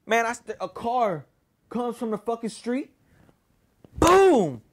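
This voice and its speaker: A man's voice: extremely high pitch, steady tone, moderate pace. A man from Houston, telling a personal story in a casual, profane, rambling way, full of "you know" and "right?". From Houston, Texas.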